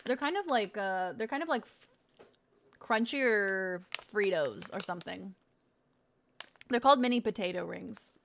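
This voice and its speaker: Casual woman streamer, mid-pitched, playful banter with frequent swearing. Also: animated, a little slow, creaky, long pauses, a bit bright, slight background noise. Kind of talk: casual live-stream chat.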